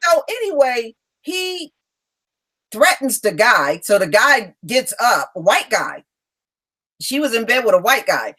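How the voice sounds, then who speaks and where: A chatty woman hosting a live stream, her voice sitting a little high. She tells stories in casual chat, lifting her pitch even higher to act out quotes, and fills the gaps with quick 'mm-hmm's. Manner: quick affirming backchannel.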